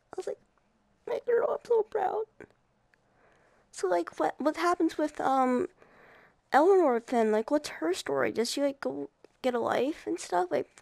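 Woman gamer, high gravelly voice, rambling emotional commentary, game music loud behind. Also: no echo, poor audio. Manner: emotional, rambling, many fillers. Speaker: video game streamer. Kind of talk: casual let's-play commentary. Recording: game music playing under voice.

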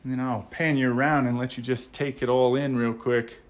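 Speaking at normal speed in a level, medium-pitched tone, an American vlogger narrates as he films a model home tour. He comes across casual, enthusiastic, and gushing.

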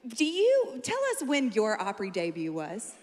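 A woman's voice: mid-range voice, wildly swooping pitch, unhurried. Bubbly woman interviewer in a hall. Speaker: backstage interviewer. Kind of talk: casual interview. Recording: reverberant hall.

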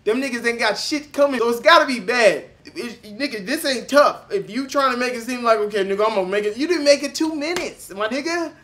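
A young man doing loud, mocking reaction commentary, cursing and breaking into shouting laughs. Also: very high-pitched, lively intonation, a little fast, few pauses. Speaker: reaction video host.

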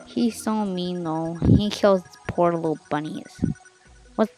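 A woman casually commenting on her own gameplay, swinging from hushed mutters to loud excited outbursts. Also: lowish voice, slow, soft background music. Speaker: gameplay narrator.

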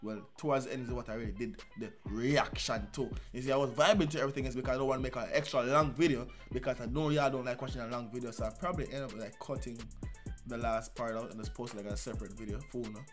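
A young man with a Jamaican accent, a music reaction vlogger talking casually in patois with loud excitable bursts. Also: medium pitch, quick pace. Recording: music playing loudly behind.

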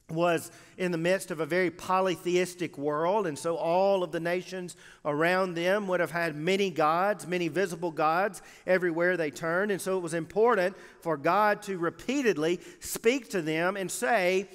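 High-voiced male preacher in a reverberant church. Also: a bit bright. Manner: emphatic preaching with measured pauses. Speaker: pastor. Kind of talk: sermon. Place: church sanctuary. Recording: long hall reverb of a church sanctuary.

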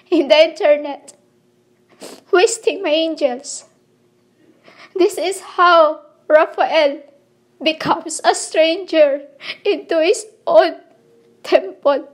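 A woman delivering a rambling spiritual monologue in halting, broken phrases, pleading with her listeners. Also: high voice. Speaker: self-proclaimed spiritual messenger.

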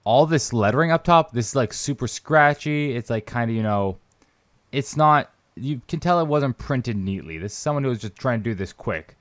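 Commenting on a horror game in a let's play video, this gaming channel host jokes, rambles, and mimics the characters with mock voices. His mid-range voice is expressive and fairly bright, at a normal speed. The recording is dry.

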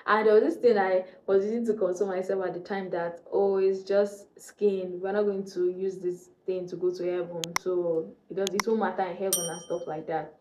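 A woman's voice: on the low side, fairly even intonation, normal speed, few pauses, a little mellow, reverberant, slight background noise, poor audio. A young woman vlogger from Nigeria telling a faith testimony, earnest and repeating key phrases for emphasis.

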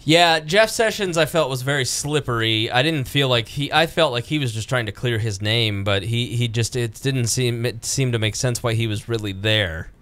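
A man's voice: normal speed, few pauses, fairly bright tone. A young man hosting a political talk podcast, chatting casually and sarcastically. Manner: sarcastic, mimics politicians in high voices. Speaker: podcast host.

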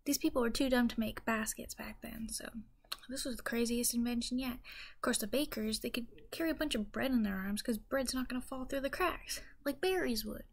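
A woman's voice: a little high, brisk, vocal fry. Folksy rambling woman storyteller. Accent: Southern US. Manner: folksy, rambling, deadpan with slangy drawl. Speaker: comedic storyteller. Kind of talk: rambling mock-religious comedy monologue.

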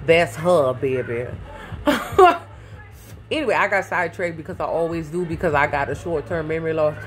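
A woman whose voice sits low talks fast into her phone, held close, while vlogging from her garage with soft music in the background. She rambles, swears, drifts off topic and calls viewers "baby" and "y'all."

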